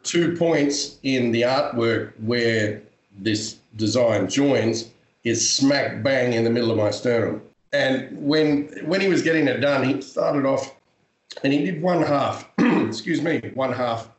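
A man's voice: mid-range voice, slow pace. A man in casual podcast chat, telling a story bluntly with swearing and dramatic flair. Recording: roomy echo.

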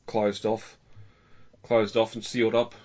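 A man's voice: on the low side, level tone, measured pace, darkish tone. A man co-hosting a podcast, chatting casually and rambling with restarts. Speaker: podcast co-host. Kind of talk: casual film discussion. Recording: dull lo-fi audio.

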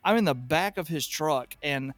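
A man telling work stories in a casual, animated way, often laughing. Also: a little high, moderate pace. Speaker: podcast guest. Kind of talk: casual storytelling.

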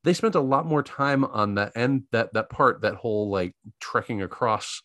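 A man's voice: mid-range voice, expressive, normal speed, a bit bright, no room sound, clean studio sound. A man co-hosting a casual chat, reading a plot summary aloud in a laid-back way, stumbling over names and laughing at them. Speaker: podcast co-host.

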